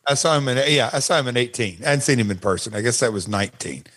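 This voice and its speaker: An older man with a Southern accent, co-hosting a casual wrestling podcast, rambling and jokey in a gruff way. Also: medium pitch, animated, fast talker, fairly bright tone.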